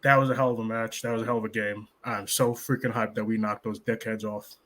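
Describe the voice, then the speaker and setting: A hyped American man reacting to a football match, his bright, forceful voice full of loud swearing. He talks fast and animated in a casual podcast chat. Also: fairly low pitch. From United States. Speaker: podcast panelist.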